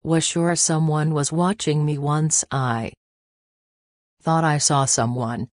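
A woman reading the lines of a secretive man who has dug up an old crown, in a slow, even reading voice. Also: low voice, no echo, studio quality. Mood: uneasy.

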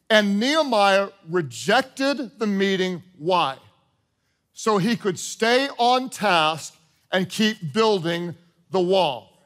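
A man preaching a sermon as pastor, animated, acting out short exchanges and repeating his points. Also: sits high. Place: church auditorium with congregation.

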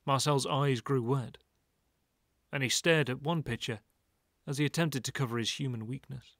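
A man narrating an audiobook in a calm, measured reading. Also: medium pitch, dry recording, studio quality.

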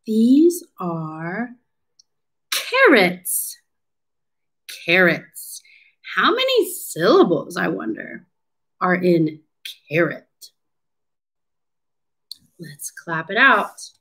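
A woman's voice: on the low side, huge pitch swings, very slow, pauses often, a bit bright, poor audio. A woman speech clinician leading a children's lesson, drawing out words in an encouraging, sing-song teacher voice. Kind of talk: children's syllable-clapping lesson.

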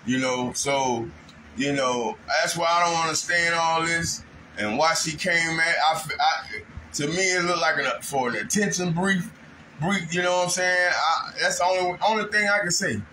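Aggrieved high-voiced man. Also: moderate pace, pushed and bright, slight background noise, poor audio. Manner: aggrieved, rambling storytelling with raised outbursts. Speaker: vlogger. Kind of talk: casual monologue. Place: home kitchen.

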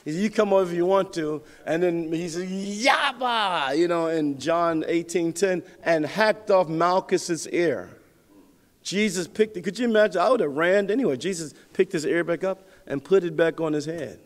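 A man preaching a sermon as pastor, telling a personal story with big swings in pitch and loudness. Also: moderate pace, long reverb tail.

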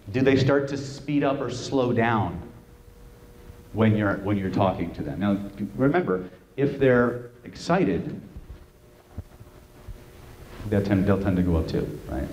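A man presenting a live seminar to an audience, animated and joking, who keeps checking in with "right?". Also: lowish voice. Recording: roomy room with faint noise.

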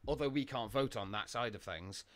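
A man's voice: mid-range voice, moderate pace, a bit bright. A man from the UK hosting a podcast, chatting casually and wandering off on tangents. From United Kingdom. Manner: rambling, goes off on tangents, laughs often. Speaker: podcast host. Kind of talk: casual chat.

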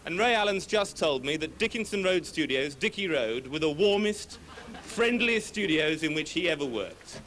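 A man giving a brisk, formal speech at a ceremony. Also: fairly high pitch, lively intonation, fairly bright tone.

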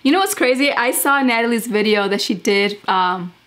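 A woman's voice: on the high side, expressive, normal speed, a bit bright. A woman giving blunt casual commentary while reacting to a video, swearing freely.

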